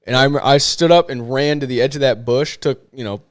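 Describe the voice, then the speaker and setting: A man co-hosting a podcast, telling a hunting story in an animated way and acting out what people said. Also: medium pitch, fairly quick, no echo, studio quality. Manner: animated storyteller, acts out quotes. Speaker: podcast co-host. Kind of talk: casual chat.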